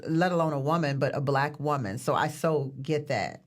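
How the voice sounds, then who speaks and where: A woman's voice: low voice, expressive, normal speed. A woman co-hosting a late-night talk show, playful and upbeat in casual chat. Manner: playful, upbeat, calls people sis.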